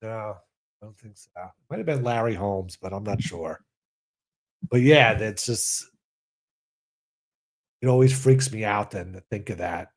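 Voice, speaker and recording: A man co-hosting a comedy podcast, laughing often and making blunt, dark jokes. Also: on the low side, measured pace, long pauses. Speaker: podcast co-host. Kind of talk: casual comedic banter.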